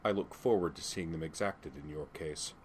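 A man's voice: rumbling low, moderate pace, darkish tone, a little hiss or hum. A man reading the lines of a cold, imperious alien male enforcer who growls his threats.

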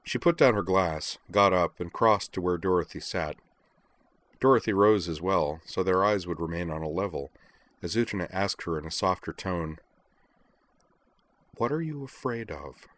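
A man narrating fiction aloud in a measured, even way. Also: deep voice, no echo.

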